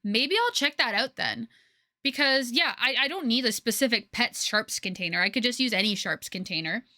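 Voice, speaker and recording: Young canadian girl streaming, rambly, lots of ums, bright voice, dry close sound. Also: fairly high pitch, expressive, moderate pace, no echo. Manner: chatty, rambling with many fillers and restarts. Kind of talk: casual chat with viewers. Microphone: headset.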